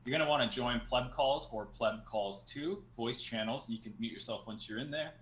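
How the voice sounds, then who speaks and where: A man working as a stream producer, explaining slowly how to call in, with dry teasing asides. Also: mid-range voice, a bit bright. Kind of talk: giving caller instructions. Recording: roomy echo.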